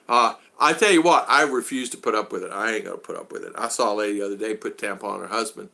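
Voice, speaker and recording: A man's voice: lowish voice, fast, creaky, pushed and bright. A man hosting a casual live-stream vlog, rambling with frequent "uh"s and restarts and greeting viewers in the chat by name.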